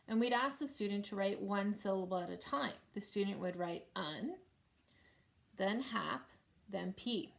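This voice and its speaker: Woman teacher recording a home lesson; patient, slightly gravelly voice that draws words out one beat at a time. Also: mid-range voice. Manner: patient, slow, sounds words out syllable by syllable. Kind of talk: recorded remote lesson for families.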